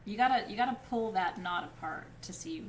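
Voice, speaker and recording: A woman leads a live spiritual class in a loose, conversational way. She strings her points together with frequent "um"s and "right?"s and breaks into easy laughter. Her voice sits at an ordinary middle pitch, with a faint hiss of noise behind it. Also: lively intonation, brisk. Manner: chatty and informal, with many fillers and "right?"; laughs easily between points. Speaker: spiritual teacher.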